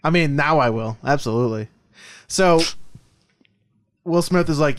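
A man's voice: on the high side, measured pace, pauses often, fairly bright tone, clean tone, dry recording. A man co-hosting a comedy movie podcast, rambling and sarcastic with lots of profanity. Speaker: podcast co-host. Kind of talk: casual comedic movie review chat.

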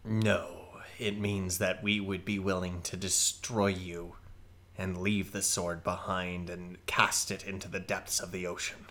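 A stern goblin elder speaks in a low, grave, threatening voice, as a man puts him on. He talks slowly and deliberately, with a sharp, tense edge. He sounds wary and unwelcoming in a tabletop game. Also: flat delivery.

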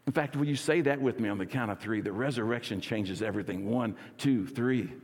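Energetic pastor in a reverberant church. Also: male voice, on the low side, brisk. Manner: energetic, leads congregation in call and response. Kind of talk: sermon. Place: church sanctuary.

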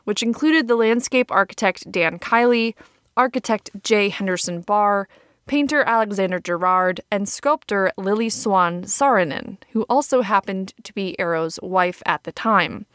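A woman with a Wisconsin accent hosts a history podcast, reading a scripted story and dropping in wry, chatty remarks. Her pitch sits in a middle range for a woman. The recording is close and dry, with no room sound. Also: fairly bright tone, dry recording. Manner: conversational, wry asides. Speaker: podcast host. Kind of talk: scripted history narration with asides.

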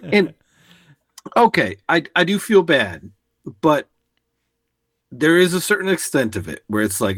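A man in casual podcast chat, talking animatedly and swearing often, acting out quotes with sudden shouts. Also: fairly high pitch, sing-song, unhurried, long pauses, breathy edge.

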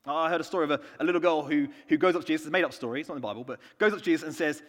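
A man from the United Kingdom preaching a sermon, earnest, moving between soft hushed lines and emphatic ones. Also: fairly high pitch, rapid-fire, hardly any pauses. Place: church. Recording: long church reverb.

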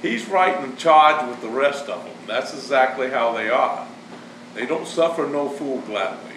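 A man's voice: mid-range voice, expressive, a little slow, reverberant, distant mic, background noise. A man from Maine on a podcast, chatting casually in a wry, joking way. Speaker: podcast co-host. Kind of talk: casual chat.

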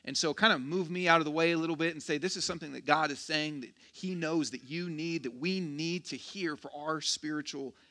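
A man's voice: fairly high pitch, brisk, hardly any pauses, sharp tone. A man preaching a sermon as pastor, casual and joking, with self-deprecating asides and frequent restarts. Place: church.

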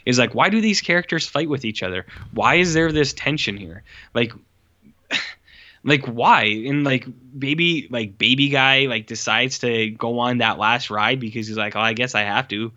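A man talks through his opinions in a loose, rambling podcast chat, leaning hard on "like" and dropping curse words without a second thought. His voice is bright and a little tense. The recording sounds dull and lo-fi. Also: medium pitch, normal speed. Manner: rambling, says "like" constantly, blunt and swears. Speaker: podcast co-host reviewing a movie. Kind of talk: casual chat.

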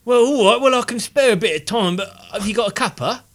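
A man's voice: sits high, quick pace, pitched above the performer's own voice. A man voicing a blunt, confused working bloke who has wandered in looking for a tool. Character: loud working bloke hunting a spanner.

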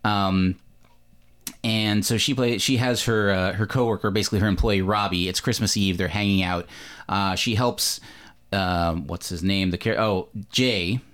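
Low-voiced man rambling about movies. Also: fairly even intonation, normal speed, a bit bright. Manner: rambling, many fillers and self-corrections. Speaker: podcast host. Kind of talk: casual movie discussion.

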